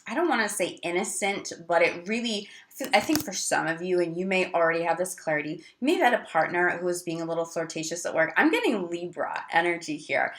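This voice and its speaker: A woman's voice: fairly low pitch, fairly bright tone. A woman giving a casual tarot reading to camera, chatty and full of fillers, who often acts out the lines of the people she talks about. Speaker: tarot reader.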